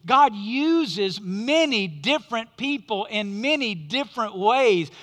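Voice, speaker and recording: A male pastor preaching a sermon with emphatic delivery and dramatic pauses. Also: high voice, lively intonation, fairly bright tone. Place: church sanctuary. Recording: long reverb of a large hall.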